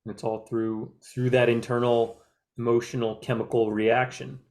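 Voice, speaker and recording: A man's voice: medium pitch, little pitch movement, normal speed, darkish tone. Rambling reflective man in casual chat. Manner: meandering, many filler likes; earnest, reflective. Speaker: group discussion member.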